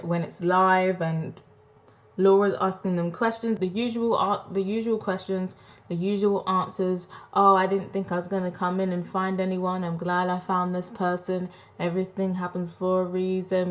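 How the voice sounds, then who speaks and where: Woman, vlogger, casual review chat, sarcastic, gossipy, desktop mic. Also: mid-range voice. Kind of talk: casual opinionated commentary. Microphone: desktop USB microphone.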